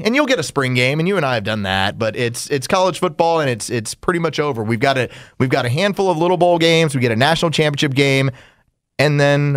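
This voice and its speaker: Radio guy teasing his cohost, tells stories, voice on the higher side. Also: animated, fast talker. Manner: teasing, storytelling. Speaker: radio host. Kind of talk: casual chat.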